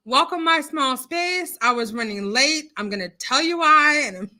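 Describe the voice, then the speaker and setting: A woman hosting a casual livestream, loud and expressive, greeting her viewers by name in a chatty way. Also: high-pitched, normal speed. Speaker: livestream host. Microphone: computer mic, streaming software.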